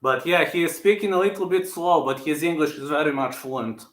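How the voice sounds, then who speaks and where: A man's voice: on the high side, brisk, fairly bright tone. A man hosting his channel in casual live-stream chat, answering viewers and often repeating himself. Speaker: channel host. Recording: roomy echo.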